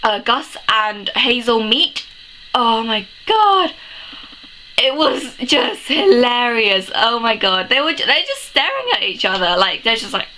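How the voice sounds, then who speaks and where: A woman's voice: on the high side, very animated, unhurried, bright, forceful tone, slight background noise, rough recording. A young woman vlogging a film review, sniffly from crying, gushing and rambling with many exclamations and laughs. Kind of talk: casual emotional film review.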